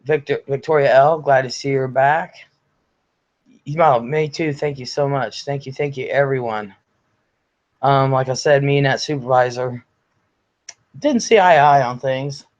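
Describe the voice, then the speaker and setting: Speaking at a moderate pace with long pauses and a medium-pitched voice, this older livestream host reads out viewer comments from his home. His manner is chatty and blunt with plenty of swearing, he sounds stuffed up from illness, and the lo-fi sound is slightly dull.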